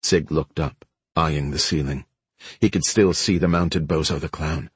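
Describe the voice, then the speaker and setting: A male audiobook narrator with a very deep, husky voice reads a thriller in a measured, suspenseful tone. The recording is dry and close, with no room sound. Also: steady tone, no echo. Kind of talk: scripted narration.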